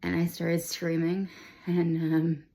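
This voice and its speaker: Young woman with heavy vocal fry. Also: fairly low pitch, monotone, slow, warm tone. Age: 20s. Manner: rambling, emotional, full of "like" and restarts. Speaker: vlogger sharing her cancer diagnosis. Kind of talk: candid personal storytelling to camera.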